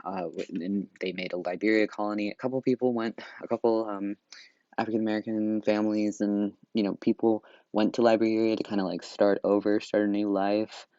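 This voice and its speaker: A man's voice: on the low side, little pitch movement, fairly quick, mellow, no room sound, lo-fi sound. A tired, slightly breathless young man explaining history late at night in a rambling, sarcastic way with lots of fillers, recorded through wireless earbuds. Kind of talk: casual study narration.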